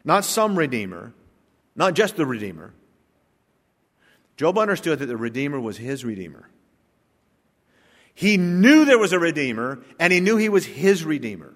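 A male pastor preaching a sermon, emphatic, firing off rhetorical questions and swinging from hushed to loud. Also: a little high, sing-song, moderate pace, long pauses. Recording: long reverb of a large hall.

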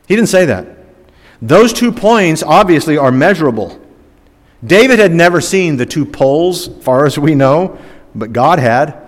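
An older man preaching a sermon, rising emphatic and dropping to soft, slow phrase endings. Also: mid-range voice. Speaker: pastor. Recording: long hall reverb.

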